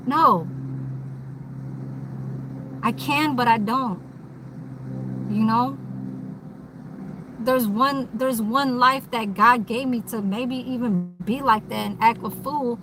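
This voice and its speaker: A woman's voice: fairly high pitch, takes it slowly, long pauses, background noise. A woman vlogging in a candid, rambling monologue, blunt and swearing freely, recorded inside a vehicle.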